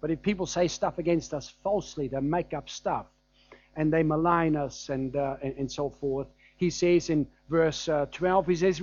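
A man with a German accent delivers a sermon in a chatty, storytelling manner, dotted with fillers and small chuckles. His voice sits a little high for a man. The recording is dry and dull, with no room sound and a muffled top end. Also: normal speed, darkish tone, no room sound. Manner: conversational and anecdotal, with frequent fillers and chuckles. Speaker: preacher.

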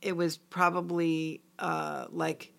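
A woman co-hosting a casual chat, teasing and telling quick anecdotes. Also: deep voice, little pitch movement, vocal fry, a bit bright. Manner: teasing, chatty, tells anecdotes. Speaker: podcast co-host.

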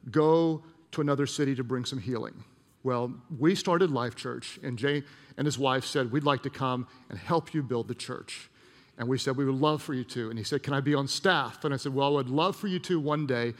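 Pastor telling a personal story in a reverberant hall. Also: male voice, mid-range voice. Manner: personal, emotional storytelling with audience asides. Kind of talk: storytelling sermon.

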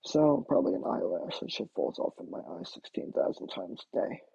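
A man's voice: sits low, very animated, a little fast, gravelly, mellow, breathy edge, no echo, highs cut off. A man hosting a talk show, rambling casually with many fillers and restarts. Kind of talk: casual monologue.

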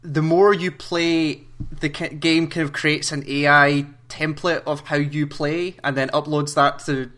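A man hosting a casual gaming podcast, relaxed, swearing offhand and steering the conversation. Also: a little high, unhurried. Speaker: podcast host.

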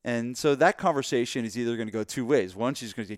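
A man co-hosting a casual podcast about gym marketing, telling an animated story and acting out voices. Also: mid-range voice, a little fast, few pauses, no room sound, clean studio sound.

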